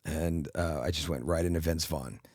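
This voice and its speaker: A man's voice: very deep voice, steady tone, moderate pace, a little mellow, husky, no echo, clean studio sound. A man who is a comedian, telling rambling anecdotes in a casual interview while he is losing his voice. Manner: rambling anecdotes full of fillers and restarts. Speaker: comedian guest.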